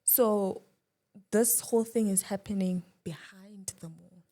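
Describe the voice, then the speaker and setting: Husky young woman, emotional story, goes loud then hushed. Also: medium pitch, a little slow. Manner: shifts between loud and hushed, restarts. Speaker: guest.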